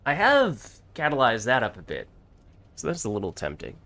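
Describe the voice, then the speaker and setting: A man's voice: medium pitch, huge pitch swings, normal speed, bright, forceful tone. A man in casual gameplay chat as a streamer, thinking aloud and laughing often. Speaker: gaming streamer.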